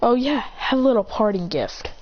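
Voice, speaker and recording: A woman's voice: fairly high pitch, animated, normal speed, a little hiss or hum, voice pushed up, close to an everyday voice. A woman voicing a cold, arrogant young male ninja who taunts and dismisses his foes, on a dull lo-fi recording. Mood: dismissive taunting.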